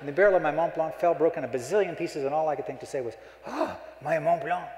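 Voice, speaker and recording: A man's voice: on the high side, very fast, a little mellow, slight background noise. A middle-aged man giving a humorous keynote speech, a folksy joking storyteller, speaking on a stage microphone in a conference hall. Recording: echoey hall, live.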